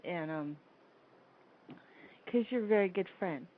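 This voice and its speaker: A woman's voice: lowish voice, expressive, unhurried. A woman hosting a casual call-in internet radio show, chatty and rambling, laughing often. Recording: tinny phone-line sound.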